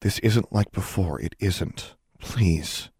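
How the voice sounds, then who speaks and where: Male reader doing a soft-spoken, determined young girl, deep voice, barely shifted. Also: takes it slowly, slightly rough, no echo, studio quality, heavily acted. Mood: earnest. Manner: quiet, soft, earnest.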